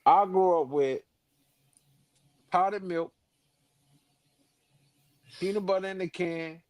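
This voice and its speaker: A man co-hosting a podcast, reminiscing in animated casual chat. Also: sits high, slow, dry recording.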